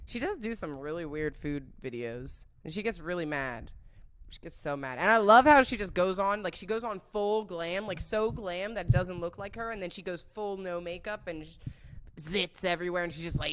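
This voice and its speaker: A woman's voice: on the low side, animated, normal speed, fairly bright tone. Brash, crude woman podcast host. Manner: brash, crude, jokey, mimics voices in quotes. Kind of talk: unfiltered comedic sex talk.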